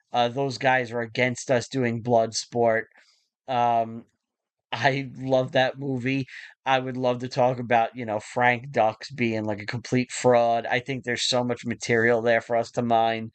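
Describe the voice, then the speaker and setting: A man hosting a casual listener Q&A, talking at an easy, unhurried pace. He fills his pauses with plenty of ums and uhs. The sound is dry and close, with no room echo. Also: medium pitch, clear, resonant tone. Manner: relaxed, with frequent fillers. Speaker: podcast host.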